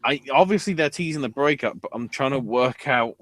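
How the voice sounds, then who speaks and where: A man's voice: mid-range voice, lively intonation, a little fast, a bit bright. A man hosting a podcast, giving a rambling, sarcastic play-by-play recap with casual swearing. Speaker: podcast host.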